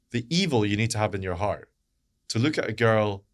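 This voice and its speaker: A man's voice: fairly low pitch, lively intonation, moderate pace, long pauses. A man with a Scottish accent, a podcast guest talking bluntly and heatedly, swearing and repeating points for emphasis. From Scotland. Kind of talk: impassioned podcast conversation.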